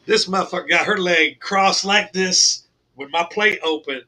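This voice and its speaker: A man co-hosting a casual sports radio show, telling a long funny story, cursing, laughing and shouting as he goes. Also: high-pitched, moderate pace. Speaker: co-host. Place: radio studio.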